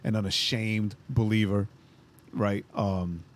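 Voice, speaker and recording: An earnest man co-hosts a casual faith podcast in a fairly low voice. He keeps checking in with "right?" as he makes his points. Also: fairly even intonation, slow. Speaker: podcast co-host.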